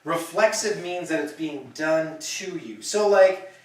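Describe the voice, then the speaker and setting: Slow-talking male teacher in an echoey classroom. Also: a little high, lively intonation. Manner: chatty, explains with acted examples. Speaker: language teacher. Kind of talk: classroom lecture. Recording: echoey classroom, mic far off.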